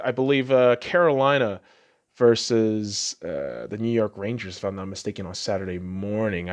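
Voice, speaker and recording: A man's voice: mid-range voice, dull audio. A man hosting a podcast, delivering a solo sports rant full of heated profanity. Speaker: podcast host.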